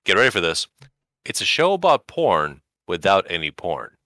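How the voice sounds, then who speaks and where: A man with a low voice and a bright, crisp edge talks animatedly, swinging his pitch widely as he makes wry recommendations. He is co-hosting a casual chat podcast, and the sound is dry and close. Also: very animated, moderate pace, dry recording. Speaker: podcast co-host.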